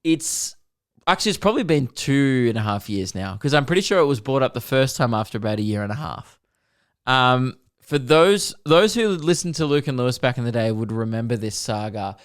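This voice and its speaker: A man's voice: medium pitch, expressive, brisk, clean tone, no echo, studio quality. A young man, co-hosting a podcast in casual chat, blunt and joking with casual swearing. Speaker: podcast co-host.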